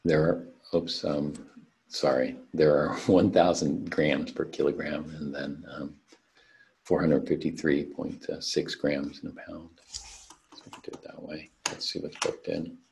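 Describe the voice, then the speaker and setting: A man with an extremely low, gravelly, slightly mellow voice speaks at a measured pace with little pitch movement. He teaches a recorded online chemistry lesson, methodically breaking down unit conversion problems step by step, heard through a computer mic on a video call.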